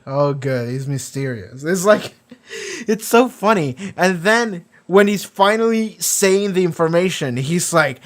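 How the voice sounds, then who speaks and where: A man's voice: a little high, expressive, moderate pace. A man hosting a TV reaction video, chatting casually and profanely, often acting out scenes in goofy voices.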